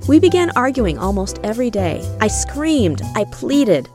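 A woman delivers a confessional monologue, exasperated and complaining. Her pitch swings widely from phrase to phrase, and faint music plays under her voice. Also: big pitch swings, moderate pace, darkish tone.

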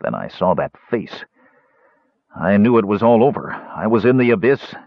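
A big, sullen warrior growls his words low and heavily, as a male narrator puts him on. The recording is dry and slightly dull. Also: expressive, normal speed, no echo. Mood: heavy. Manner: gruff and heavy. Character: big burly warrior man, bitter and sullen.

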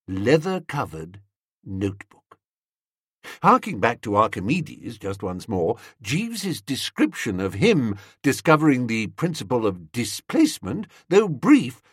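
Wry male audiobook narrator, very expressive melody, dry close sound. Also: a little high, no room sound. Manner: animated, wry storytelling with character voices. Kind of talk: scripted comic novel narration.

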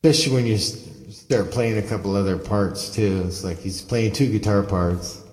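A man's voice: on the low side, normal speed, a little mellow. A man chatting in a laid-back, rambling way with his bandmates about their playing. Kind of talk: casual banter among bandmates. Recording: echoey room with long reverb. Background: band music playing.

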